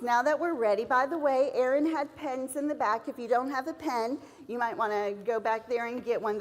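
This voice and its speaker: Middle-aged woman, high voice, earnest and encouraging devotional speaker at a teachers' seminar, church hall reverb.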